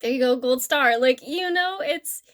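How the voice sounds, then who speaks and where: A young woman talks through a tarot reading in a relaxed, gentle way. She rambles and restarts her sentences often. Her voice sits a little high. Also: measured pace. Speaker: tarot reader. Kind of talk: casual spiritual reading.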